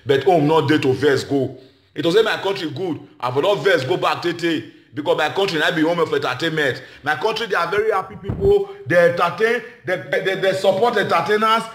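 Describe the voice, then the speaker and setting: Emphatic Nigerian Pidgin-speaking man, high voice. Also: brisk, fairly bright tone, roomy sound. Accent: Nigerian Pidgin English. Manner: emphatic, repetitive, shifts between Pidgin and English. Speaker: comedian. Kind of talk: impassioned speech to a gathering.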